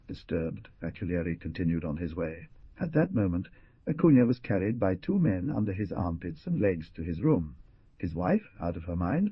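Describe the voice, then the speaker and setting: Husky low-voiced male audiobook narrator. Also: moderate pace, no room sound, muffled recording. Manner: expressive storytelling. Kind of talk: scripted narration.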